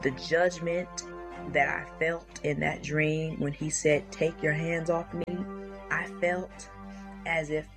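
A woman's voice: low-pitched, level tone, slow pace, music in the background. A woman giving an urgent, insistent testimony and warning to listeners.

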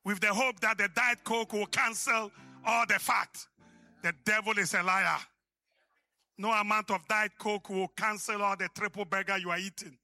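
High bright-voiced preacher with an African accent. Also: male voice, a little slow, faint music behind. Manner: emphatic preaching, rising to shouts. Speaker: pastor. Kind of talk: sermon.

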